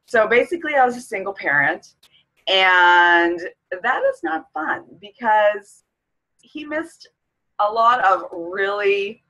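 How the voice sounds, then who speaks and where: A middle-aged woman from Canada speaks candidly to camera in a personal vlog. She is emotional and close to tears throughout, with a voice of ordinary middle pitch. She talks as a fitness coach. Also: expressive, takes it slowly, bright, forceful tone, poor audio.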